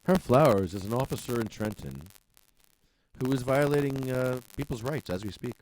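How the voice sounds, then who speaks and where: A man's voice: mid-range voice, lively intonation, moderate pace, darkish tone, a little hiss or hum, low-quality recording. A man hosting a podcast who jokes around and reads an ad in a sing-song way. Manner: playful, jokey, sing-song. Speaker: podcast host. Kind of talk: joking ad read and casual chat. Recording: music playing behind.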